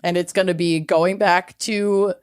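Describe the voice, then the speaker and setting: A woman's voice: on the low side, fairly even intonation, measured pace, clean tone. A woman in her thirties co-hosting a podcast, chatting casually with playful, teasing banter. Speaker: podcast co-host. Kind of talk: casual chat.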